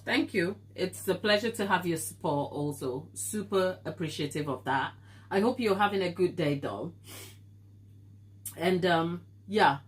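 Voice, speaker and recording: This woman, who is from Africa, talks a little slowly in a voice on the low side, and her nose sounds stuffy. She's live-streaming baking from her home kitchen, laughing a lot and chatting easily with her viewers.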